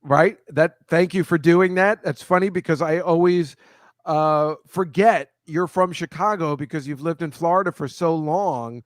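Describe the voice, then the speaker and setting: A man's voice: a little high, measured pace, no room sound, clean studio sound. A man hosting a casual comedy show, chatting with a guest in a rambling, self-correcting way. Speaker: host. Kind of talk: casual video-call chat.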